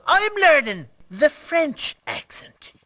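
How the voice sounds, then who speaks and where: A man's voice: very high voice, huge pitch swings, slow pace, bright, forceful tone, no echo, full character voice. A man voicing a gullible, crude old Irish bachelor puppet with an Irish accent, drawling and mocking in puppet comedy. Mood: teasing.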